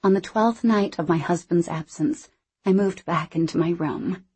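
A woman narrating a novel in the first person in a measured, reflective way. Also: on the low side, mellow, slightly rough. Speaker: audiobook narrator.

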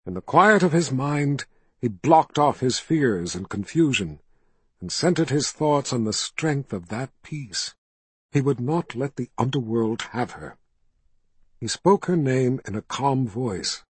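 A man narrating a fantasy novel as an audiobook, telling the story in a measured, steady way. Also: medium pitch, slightly rough, no room sound.

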